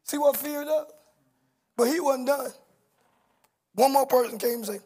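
A man preaching a sermon, shouting and acting out quoted voices with call-and-response. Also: very high-pitched, unhurried, long pauses, breathy edge.

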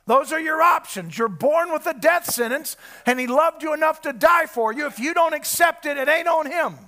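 Male preacher, sermon delivery; very high, bright voice; shouts, then goes quiet. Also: expressive, normal speed. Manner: fervent, often shouting, swings between loud and low.

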